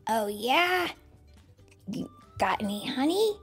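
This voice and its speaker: A woman's voice: on the high side, big pitch swings, takes it slowly, fairly bright tone, husky, faint music behind, voice pushed up, exaggerated voice. A woman voicing a boastful male turtle dressed in a bear costume, exclaiming and showing off. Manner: showy, exclaiming.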